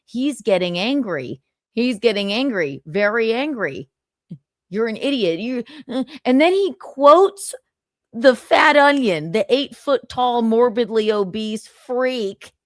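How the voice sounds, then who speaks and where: A woman's voice: a little high, expressive, slow, dry recording, clean studio sound. A woman hosting a livestream, arguing heatedly with a guest in a sarcastic, mocking, combative way. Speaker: livestream host.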